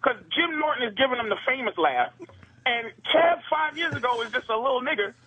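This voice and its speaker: A man's voice: very high voice, lively intonation, a little fast, lo-fi sound, heavy background noise. A man calling in to a radio show, joking in a rambling, wry way. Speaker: guest calling in. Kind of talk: casual radio banter.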